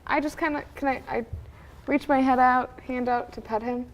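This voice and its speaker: Soft, hesitant higher-voiced young woman. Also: steady tone, moderate pace, slight background noise. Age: young adult. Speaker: player. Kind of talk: playing a tabletop game on radio.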